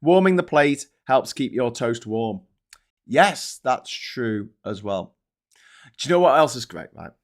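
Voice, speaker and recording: A man's voice: medium pitch, takes it slowly. Sweary rambling man. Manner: sweary, rambling, easily sidetracked; excitable when thanking viewers. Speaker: livestream host. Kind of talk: casual rambling live chat.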